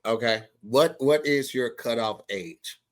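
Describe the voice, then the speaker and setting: A man with a mid-pitched voice talks in a relaxed podcast chat. He slips into a mentor's tone and hands out advice between jokes. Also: unhurried. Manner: laid-back, lectures like a mentor. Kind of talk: casual comedic banter.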